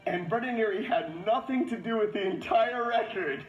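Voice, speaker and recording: A man's voice: high voice, moderate pace. A drunk man telling a comic story in a rambling, profane way. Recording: roomy, dull playback with music.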